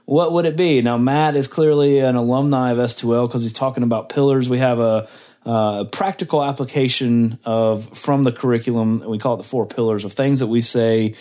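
A man's voice: mid-range voice, fairly even intonation, brisk, a little mellow. A man hosting a faith-based recovery podcast, talking with enthusiasm and dropping in "man" and "wow". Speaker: podcast host. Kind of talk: casual podcast talk.

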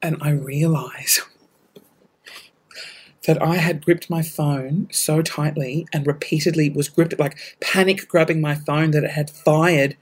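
An Australian man hosting a podcast, telling a story in casual talk, animated, swearing freely and laughing at himself. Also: on the high side, unhurried, breathy edge. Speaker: podcast host.

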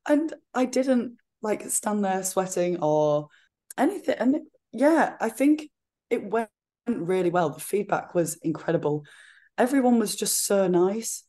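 A woman with a regional accent, a fitness coach chatting as a podcast guest, talking in an animated way with lots of "like". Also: medium pitch, measured pace. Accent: regional accent she calls her own. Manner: chatty, frequent "like" fillers, animated retelling. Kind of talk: casual interview chat.

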